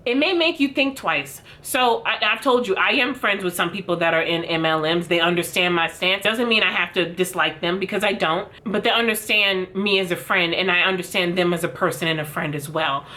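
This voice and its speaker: A woman's voice: lowish voice, a little fast, hardly any pauses, bright, forceful tone. A young adult woman giving frank, sassy commentary to camera as a vlog host, addressing viewers as "girl". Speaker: commentary vlogger.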